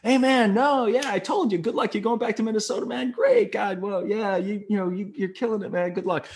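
A man's voice: high voice, fairly quick, pitched above the performer's own voice. A man voicing a young male college guy who casually brushes off a friend in a raised, breezy tone. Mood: brushing off.

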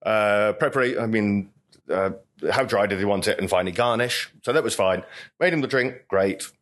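A man's voice: on the low side, moderate pace, fairly bright tone. A middle-aged man, a veteran bartender telling stories in an interview, with a chatty, anecdotal manner full of "you know". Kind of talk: storytelling interview talk.

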